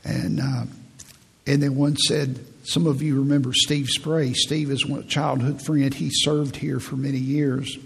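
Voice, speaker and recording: A man in his fifties with a raspy voice, preaching a folksy, humorous sermon as a pastor. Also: medium pitch, level tone, unhurried, in a large hall. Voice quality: raspy, gravelly. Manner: storytelling, humorous, laughs at own stories.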